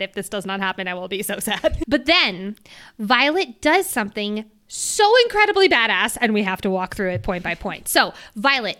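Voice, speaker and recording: Excitable woman gushing about a book. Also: on the high side. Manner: excited, swearing, acts out quotes. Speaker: podcast co-host. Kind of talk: casual book discussion.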